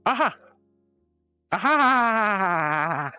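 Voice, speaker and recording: A woman's voice: sits low, animated, normal speed, sharp tone, faint music behind. A woman streamer chatting casually with her viewers, playful and melodramatic, with frequent giggles. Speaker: VTuber streamer. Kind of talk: casual livestream chat reading messages.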